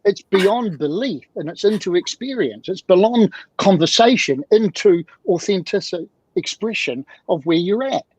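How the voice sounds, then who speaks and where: A man speaking as a guest mentor in an interview, animated and fond of repeated rhetorical questions, heard through dull lo-fi audio. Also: high-pitched, a little slow, slightly rough. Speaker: guest, emotional communication mentor. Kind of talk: video-call interview talk.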